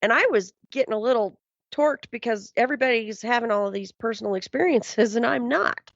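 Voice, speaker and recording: A woman's voice: on the high side, brisk, vocal fry, no echo. A woman guest telling a paranormal story in casual chat, rambling and full of "um" and "you know". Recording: dull, dry lo-fi sound.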